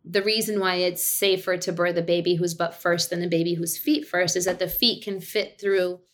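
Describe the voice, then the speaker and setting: A woman's voice: lowish voice, fairly even intonation, normal speed, fairly bright tone. A woman guest on a podcast, telling a personal story in a chatty way, full of "like" and "you know". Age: adult mother of two. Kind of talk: casual birth-story telling.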